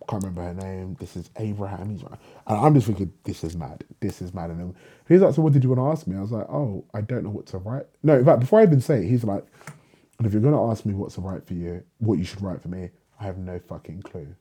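Young guy, low and dark-toned, husky edge, lively storyteller who acts out the dialogue. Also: quick pace. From England. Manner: animated storyteller, acts out dialogue, swears freely. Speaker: guest, writer. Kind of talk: casual storytelling in a podcast conversation.

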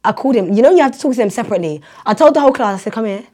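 A hoarse young woman, a teacher and singer who is losing her voice, chatting as a podcast guest and telling stories with animated energy. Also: on the high side, racing. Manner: animated storyteller, shouts when quoting herself. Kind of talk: casual podcast chat.

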